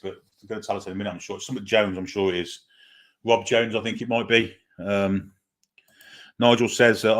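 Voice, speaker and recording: A man hosting a live football watchalong, chatting casually, hesitating with lots of fillers and reading viewer comments aloud before answering them. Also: lowish voice. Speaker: host of a football fan watchalong stream. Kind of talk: casual live-stream chat and pre-match commentary.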